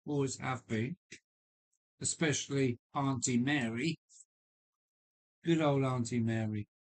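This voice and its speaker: A deep-voiced man speaks slowly as he hosts a casual live stream from his home loft. Chatting with viewers, he rambles with many fillers and restarts.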